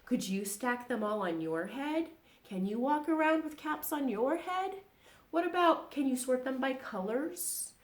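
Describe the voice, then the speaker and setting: A woman reading a children's story aloud, animated and asking the young listeners questions as she goes. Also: on the high side, reverberant.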